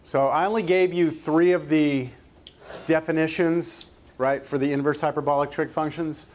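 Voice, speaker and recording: A man's voice: a little high, steady tone, normal speed, darkish tone. Man teaching calculus to a class. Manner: explains step by step, checks in with "right?". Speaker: math teacher. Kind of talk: classroom lecture.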